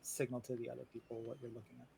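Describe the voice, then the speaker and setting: A man's voice: medium pitch, completely flat delivery, very fast, creaky, dark tone, a little hiss or hum, low-quality recording. A man narrating a tabletop game as dungeon master in a chatty, loose way over a video call. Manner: chatty, loose, many "like" fillers.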